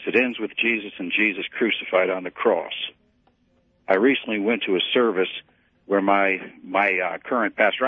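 A man's voice: fairly low pitch, husky, no room sound. A man calling in to a radio show, speaking earnestly with firm convictions over a phone line. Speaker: caller.

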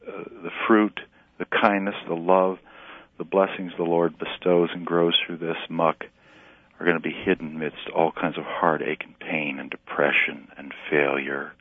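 A man, a pastor and relief director, speaking in an earnest, halting way in a radio interview by phone. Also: low-pitched, creaky, breathy edge, no room sound. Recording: tinny phone line, dry.

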